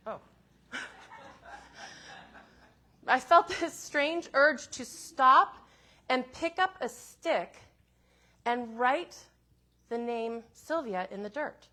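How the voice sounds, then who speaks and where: A woman minister telling a personal story in a sermon, in a gentle, reflective way with soft asides. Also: high-pitched.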